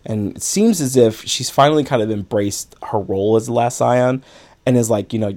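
A man's voice: mid-range voice, normal speed, darkish tone. A man hosting a podcast, casually recapping a film in a rambling way with lots of fillers and frequent laughs. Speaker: podcast host.

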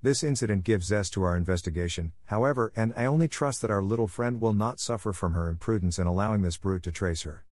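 A man voicing a calm, dryly ironic detective in a storybook reading, bland and unruffled. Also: on the low side, quick pace, few pauses, dry recording, close to an everyday voice.

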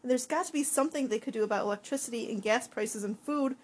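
An earnest, fretful teenage boy, as a woman reader gives him voice. He is fairly high and husky, rising to agitation as he talks, in a storybook reading. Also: a little fast, darkish tone. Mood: indignant.

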